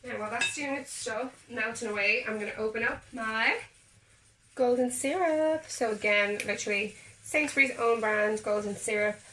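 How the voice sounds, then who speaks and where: Baking at home, this vlogger keeps up an upbeat chat with her audience, guiding them step by step in a relaxed demo. She speaks at a moderate pace in a fairly high, sharp-toned voice. There's a little background noise, plus kitchen echo from a mic placed a bit far away.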